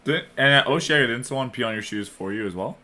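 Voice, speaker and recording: A young man co-hosting a podcast, chiming in with quick, teasing remarks in casual chat. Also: mid-range voice, bright, forceful tone. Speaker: podcast co-host.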